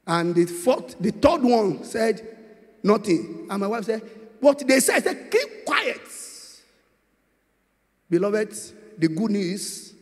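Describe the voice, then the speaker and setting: A Nigerian man preaching a sermon, moving between quiet storytelling and shouted prayer, with call-and-response questions to the congregation. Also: a little high, long reverb tail. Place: large church with long reverb.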